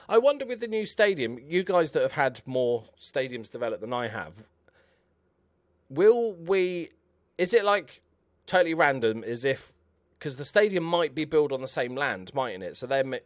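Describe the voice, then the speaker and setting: A man's voice: medium pitch, no echo, clean studio sound. A man giving casual live commentary over a football management game, chatting away and cheering on his players aloud.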